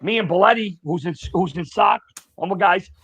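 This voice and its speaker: A man's voice: high-pitched, normal speed, vocal fry, slightly rough, dry recording. A middle-aged man, a retired firefighter telling stories bluntly and profanely as a podcast guest. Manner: blunt, profane, animated storyteller. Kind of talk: casual storytelling. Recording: dull, dry lo-fi sound.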